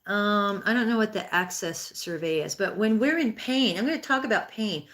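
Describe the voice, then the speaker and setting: A woman in her sixties hosts a live-streamed spiritual healing talk and responds to viewer comments. She speaks in an earnest, conversational way and often restarts her sentences. Her voice sits at an ordinary middle pitch for a woman. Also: animated, moderate pace, fairly bright tone. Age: 60s. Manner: acts out inner thoughts in a raised, pleading voice.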